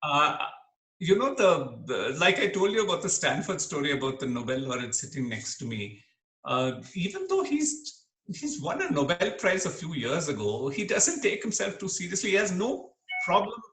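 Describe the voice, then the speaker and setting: A middle-aged man from Kerala, speaking as an interview guest in an earnest, animated way and laughing easily. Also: fairly high pitch, moderate pace. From Kerala, India. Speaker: interview guest, dermatologist and comedian. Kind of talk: reflective interview talk. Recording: echoey room.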